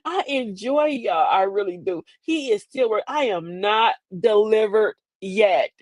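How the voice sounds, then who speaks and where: A woman's voice: mid-range voice, animated, a little slow, a little mellow, dry recording. An older woman hosting a casual comedic chat, sassy and preachy, laughing through her asides. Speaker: host. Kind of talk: casual comedic storytelling to an online audience.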